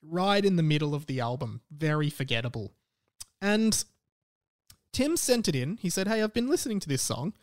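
A man's voice: a little high, big pitch swings, moderate pace. An Australian man hosting a podcast, chatting casually in a rambling, wry way and often correcting himself mid-sentence. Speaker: podcast host.

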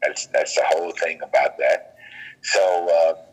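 A man's voice: very deep voice, steady tone, unhurried, slightly rough, poor audio. A man in casual faith talk, earnest and preachy, often repeating his words as he goes.

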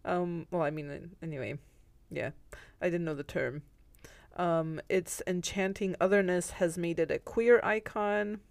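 A young woman with a fairly low voice co-hosts a casual chat. She stumbles through her notes with ums and little giggles. The sound is close and dry, with no room around her. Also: vocal fry, darkish tone, dry recording. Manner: halting, many fillers and restarts, giggly. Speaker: podcast co-host.

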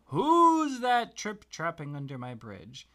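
A man's voice: on the high side, huge pitch swings, takes it slowly, a bit bright, voice pushed up, heavily acted. A man voicing a grumpy male troll who guards a bridge, in an improvised bedtime story. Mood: demanding.

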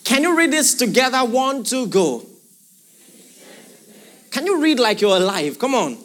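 A man's voice: extremely high pitch, very animated, unhurried, fairly bright tone. A man preaching a sermon to a congregation in a church hall, asking them rhetorical questions. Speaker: pastor.

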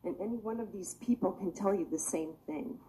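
A woman's voice: medium pitch, fairly quick, warm tone, slight background noise, low-quality recording. A woman giving emotional, pleading testimony at a public meeting, sounding tired. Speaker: public commenter.

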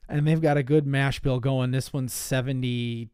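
Guy on a podcast, kinda out of breath, smooth clear voice, dry close sound, lots of ums. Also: mid-range voice, fairly even intonation, normal speed, darkish tone, dry recording. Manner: rambling, with filler words and restarts. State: slightly out of breath. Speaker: whiskey podcast host. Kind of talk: casual podcast chat.

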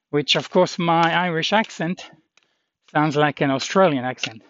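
A man with a slightly higher voice rambles through a walking vlog on an outdoor trail, pausing and filling gaps as he goes. The recording sounds dull and lo-fi. A faint hiss sits underneath. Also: lively intonation, fairly bright tone. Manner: rambling, halting, many fillers. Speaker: walking pilgrim vlogger.

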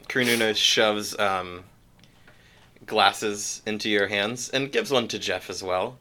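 A man in a tabletop game describing actions in a halting, unhurried way. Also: lowish voice, huge pitch swings, sharp tone, a little hiss or hum.

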